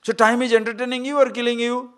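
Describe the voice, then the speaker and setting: A man's voice: extremely high pitch, little pitch movement, fast talker, clear, resonant tone. A man giving a spiritual talk, playful and laughing often, asking rhetorical questions. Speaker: spiritual teacher.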